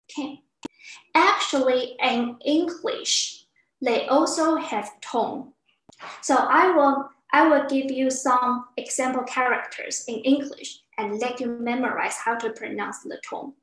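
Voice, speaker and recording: High-voiced woman teaching slowly. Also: reverberant, rough recording. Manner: patient, acts out example sounds with exaggerated pitch. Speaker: Chinese language teacher. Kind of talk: classroom teaching. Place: classroom.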